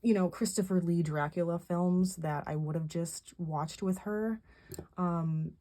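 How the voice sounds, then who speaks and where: A woman's voice: on the low side, measured pace, mellow. A middle-aged woman, rambling through a casual monthly recap vlog with lots of fillers and restarts. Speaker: vlogger.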